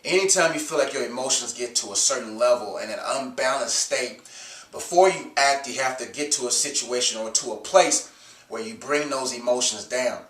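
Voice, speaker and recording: A man's voice: mid-range voice, normal speed, a bit bright, distant mic. A man with a stuffed-up cold, giving earnest faith advice with frequent fillers and restarts. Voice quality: nasal. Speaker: Christian video host. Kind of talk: casual faith advice talk. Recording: roomy echo, off-mic.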